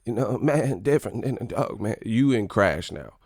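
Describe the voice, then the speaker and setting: A man with a Californian accent hosting a casual live stream, loud and joking, swearing and laughing a lot. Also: lowish voice, lively intonation, normal speed, husky, no echo, studio quality.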